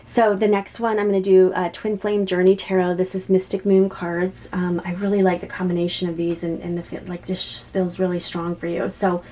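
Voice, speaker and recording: A woman giving a spontaneous tarot reading to camera. She talks in an excited, halting way, with many restarts, and sometimes drops to soft murmurs. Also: fairly low pitch. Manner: drops to soft whispers while shuffling cards. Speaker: psychic tarot reader.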